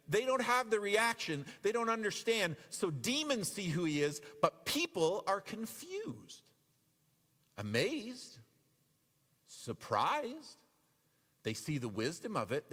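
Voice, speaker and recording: Man preaching in a church, kinda high voice, big echoey hall, chatty and repeats his questions. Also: animated, a little slow, fairly bright tone. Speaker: pastor. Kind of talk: sermon. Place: church sanctuary. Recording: long reverb of a church hall.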